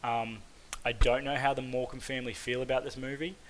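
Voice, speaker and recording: An Australian man from Queensland reviews a film in a loose, conversational way. His voice sits at an ordinary middle pitch. He fills pauses with "um" and "like" and swears freely. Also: level tone, fairly bright tone, a little hiss or hum, poor audio. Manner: casual, frequent "um" and "like", swears freely. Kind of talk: casual spoken film review.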